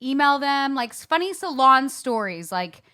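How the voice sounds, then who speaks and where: A woman's voice: high voice, big pitch swings, normal speed, bright, forceful tone. A woman in her thirties hosting a podcast in a casual chat, giggly and rambling with lots of fillers. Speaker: podcast host.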